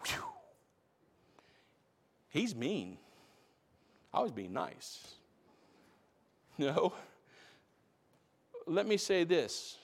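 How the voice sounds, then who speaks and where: A man's voice: high voice, sing-song, slow, pauses often. A man preaching a sermon as pastor, emphatic, repeating phrases for stress. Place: church.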